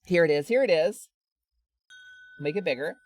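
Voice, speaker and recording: A woman streaming from home, chatting casually and animatedly with her viewers, rambling and quick to get fired up. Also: fairly low pitch, expressive, darkish tone. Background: faint background music.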